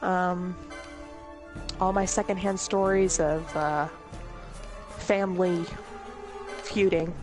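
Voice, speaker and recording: Slow-talking woman telling funny stories. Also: lowish voice, little pitch movement, over music. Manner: laughs often, swears casually, rambling asides. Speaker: storyteller host. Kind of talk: casual comedic storytelling.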